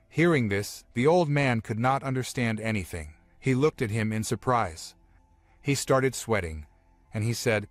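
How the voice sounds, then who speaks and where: A man narrating a comic-book story recap in a plain, steady storytelling manner. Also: mid-range voice, unhurried, dry recording, soft background music.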